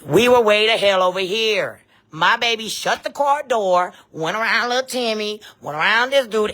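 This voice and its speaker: A woman, telling a story in a blunt, profane, animated vlog rant. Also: on the low side. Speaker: vlogger.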